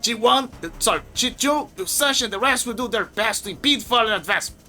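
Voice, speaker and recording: A man's voice: extremely high pitch, expressive, a little fast, sharp tone, soft background music, full character voice. A man voicing a stern navy admiral who barks orders during a game playthrough. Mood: commanding. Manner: barking orders. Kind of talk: voicing game dialogue while playing.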